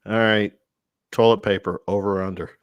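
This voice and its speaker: A man's voice: fairly low pitch, fairly even intonation, a little fast, no room sound. A man hosting a podcast, teasing his co-hosts and restarting his sentences often. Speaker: podcast host. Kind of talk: casual chat.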